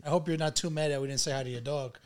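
A man's voice: a little high, fairly even intonation, racing, a little hiss or hum. A man co-hosting a podcast in casual chat, telling stories animatedly and laughing often. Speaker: podcast co-host.

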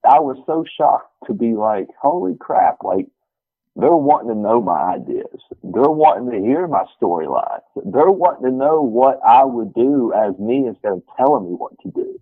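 A man's voice: medium pitch, big pitch swings, normal speed, husky, dry recording. A man who wrestles, talking in a casual interview in a brash, folksy way and swearing freely. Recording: tinny phone line.

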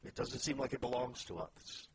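A man reading scripture aloud and then reflecting in halting, searching phrases during a casual faith discussion. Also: mid-range voice, animated. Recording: noisy background ambience.

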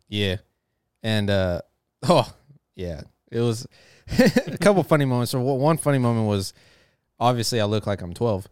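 A man in his thirties hosting a live chat, telling stories in a profane, animated way with frequent laughs. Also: medium pitch, unhurried, clear, resonant tone, no room sound, studio quality. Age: 30s. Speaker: podcast host. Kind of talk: casual chat.

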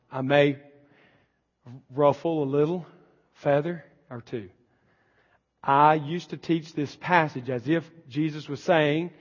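Emphatic high-voiced preacher in a reverberant church. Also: male voice. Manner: emphatic preacher, swelling to shouts. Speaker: pastor. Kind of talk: sermon. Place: church sanctuary. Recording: long church reverb, dull lo-fi sound.

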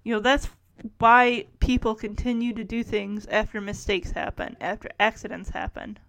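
A woman's voice: fairly high pitch, fairly even intonation, normal speed, fairly bright tone, dry recording. A middle-aged woman chatting casually through an episode recap, rambling with little laughs. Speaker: show recapper.

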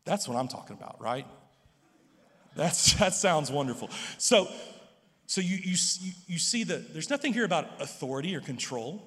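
A man's voice: fairly high pitch, animated, normal speed, fairly bright tone, long reverb tail. A pastor preaching an earnest sermon in a church, often repeating words as he starts a thought. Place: church sanctuary.

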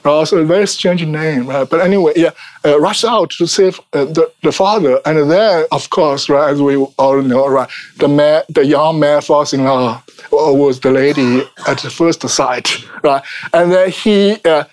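A man's voice: on the high side, measured pace. A man giving an informal lecture, ending nearly every phrase with "right?", with many fillers and restarts. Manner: laughs at his own asides.

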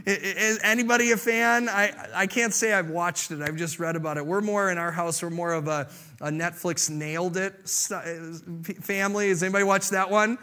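A man preaching with a high, bright voice that rings out over the congregation. He keeps it lively and playful and pulls the crowd into the story. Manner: animated, playful preaching with audience interaction. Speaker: pastor. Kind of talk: sermon.

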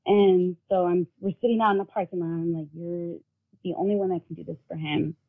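A woman's voice: on the low side, steady tone, brisk. A woman telling an emotional story about her son in casual chat, acting out the voices of the people in it. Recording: phone-like narrow sound.

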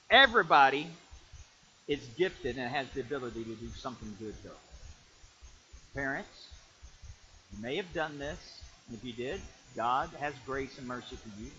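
A male pastor preaching a sermon emphatically, rising to shouts and calling for amens. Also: mid-range voice, muffled recording, a little hiss or hum. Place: church.

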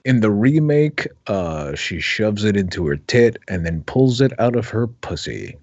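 A man's voice: on the low side, big pitch swings, measured pace, darkish tone, dry recording. A man trading dry, amused remarks about a film. His voice comes through a dull mic with no room sound at all, close and muffled. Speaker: podcast co-host. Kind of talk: casual movie commentary chat.

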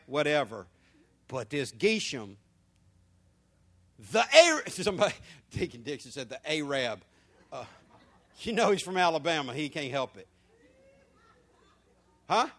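High-voiced preaching pastor, man. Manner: preaching with shouted peaks and rhetorical questions. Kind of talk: sermon.

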